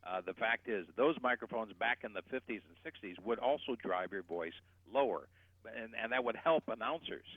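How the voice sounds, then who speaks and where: A man explaining voice technique as a guest voice coach, animated and shifting his loudness to demonstrate. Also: on the low side, normal speed, no room sound. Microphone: telephone. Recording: tinny phone line.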